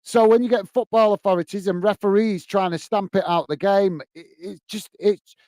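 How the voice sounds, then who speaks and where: A man's voice: high voice, steady tone, moderate pace, darkish tone, no echo. A man hosting a live football fan watch-along, chatting enthusiastically with viewers, full of fillers and calling everyone mate. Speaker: fan channel host.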